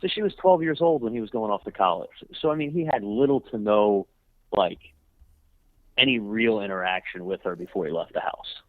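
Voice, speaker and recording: A man argues his point on a recorded phone call, talking over the other person. His voice is fairly low. The sound is a dry, tinny phone line. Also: animated, a little fast, dry recording. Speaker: adult son on a recorded call. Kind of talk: casual phone chat.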